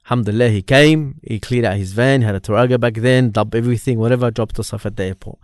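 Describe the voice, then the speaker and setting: A man's voice: mid-range voice, quick pace, no echo, clean studio sound. Australian man telling a story with laughs. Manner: animated, laughs while telling, acts out dialogue. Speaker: podcast co-host. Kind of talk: casual storytelling.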